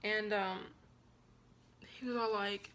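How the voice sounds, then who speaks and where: Bright-voiced young woman telling a story. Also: mid-range voice, slow. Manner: frank, blunt and profane; animated and expressive retelling. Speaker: vlogger. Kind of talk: casual storytime vlog.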